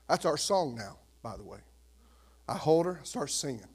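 A man in his fifties preaching a sermon as pastor, animated and conversational, full of rhetorical questions. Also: fairly high pitch, moderate pace, breathy edge.

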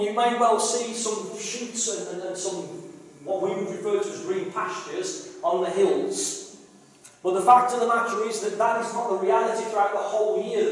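A man preaching a sermon as pastor, earnest and emphatic, slowing down to read scripture. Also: sits high. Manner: earnest, emphatic preaching with dramatic slow readings. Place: church hall. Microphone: live recording from a distance. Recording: echoey church hall, distant mic.

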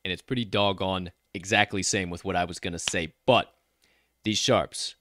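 A man's voice: deep voice, steady tone, normal speed, sharp tone, slight background noise. A man co-hosting a casual sports betting chat, folksy and emphatic as he runs through betting numbers.

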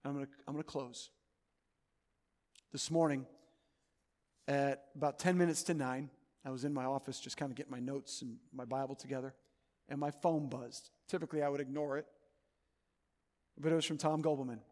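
A man preaching a sermon as pastor of his church, earnest, moving between loud urging and soft, hushed pleading. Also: mid-range voice, steady tone, moderate pace, long pauses, big-room sound. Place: church sanctuary.

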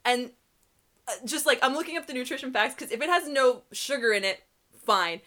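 A woman's voice: high voice, expressive, pushed and bright. A young woman co-hosting a casual chat, chatty and retelling scenes in her own words. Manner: chatty, retells scenes with quick quoted voices. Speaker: podcast co-host.

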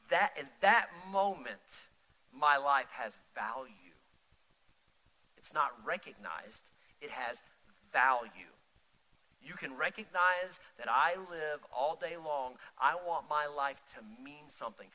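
A middle-aged male pastor preaching a sermon, swinging from loud, urgent pleading to soft, intimate storytelling. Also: on the high side, expressive, takes it slowly, low-quality recording.

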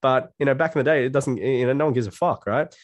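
Speaking fast at a medium pitch, a man appears as a guest life coach in a casual podcast conversation. He's blunt, curses freely, and voices his self-talk in quotes. The recording is dry.

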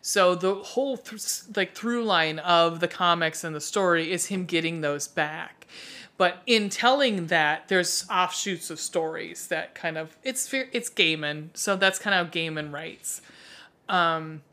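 A woman's voice: on the low side, a little slow, sharp tone. A woman co-hosting a podcast in casual chat, swearing freely and gushing enthusiastically as she rambles. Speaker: podcast co-host.

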